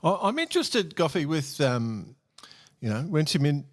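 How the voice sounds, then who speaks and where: A man hosting a podcast, chatty and quick to joke with his guest. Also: a little high, big pitch swings. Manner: chatty, joking banter. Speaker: podcast host. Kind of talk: casual podcast chat.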